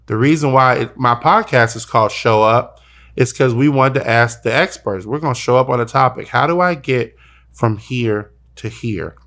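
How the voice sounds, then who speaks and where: Earnest young male podcast host, heartfelt, self-interrupting, mid-pitched. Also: normal speed, fairly bright tone. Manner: earnest, repeats himself when moved. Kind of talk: emotional personal conversation.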